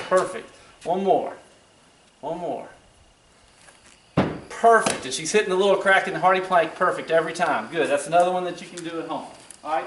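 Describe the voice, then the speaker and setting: A man who directs parks and recreation, coaching basketball drills outdoors with quick, encouraging cues. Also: sits high, a bit bright, a little hiss or hum.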